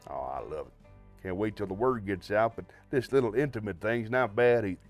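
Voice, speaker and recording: A man's voice: lowish voice, a little fast, soft background music. A man hosting a livestream, chatting to viewers in a friendly, rambling way with many fillers. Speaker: livestream host. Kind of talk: casual chat to viewers.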